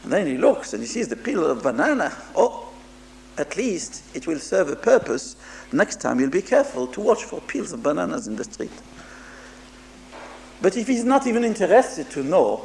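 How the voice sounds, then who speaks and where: A man, a rabbi, giving a moral sermon in English mixed with Hebrew terms, pausing and repeating words as he goes. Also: sits high, very animated, gravelly, a little mellow. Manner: halting, repeats words, mixes Hebrew terms into English, asks listeners "understand?". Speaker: rabbi giving a Musar talk.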